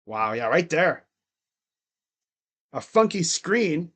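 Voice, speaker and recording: Lively high-voiced young man calling a game. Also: slow, breathy edge. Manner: rambling, slangy, chatty asides between play calls. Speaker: live play-by-play streamer. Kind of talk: casual live reaction commentary.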